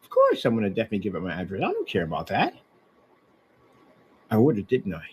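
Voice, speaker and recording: A man's voice: fairly low pitch, huge pitch swings, quick pace, a little mellow, a little hiss or hum, rough recording. A man giving a mocking, sarcastic rant over emails and receipts, talking straight at the person he is angry with. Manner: mocking, sarcastic, with scornful repetition; talks straight at the person he is ranting about. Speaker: online seller ranting about a customer.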